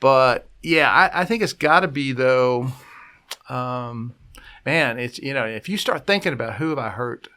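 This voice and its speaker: A man's voice: medium pitch, expressive, a little slow, sharp tone, clean tone. A man, a pastor, talking casually in a conversation, rambling with restarts and acting out quotes. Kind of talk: casual conversational podcast talk.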